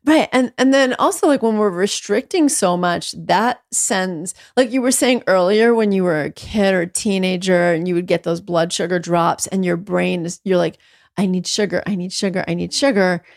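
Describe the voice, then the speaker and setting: A woman doctor appearing as a podcast guest, affirming and explaining in a relaxed chat. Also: lowish voice, normal speed, few pauses, no echo, studio quality. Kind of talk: casual chat.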